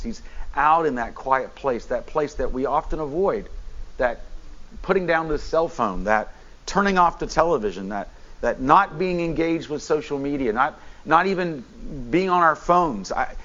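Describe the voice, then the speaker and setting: A man, a bishop, preaching a sermon in an animated way, often restarting and repeating words as he goes. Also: mid-range voice, muffled recording.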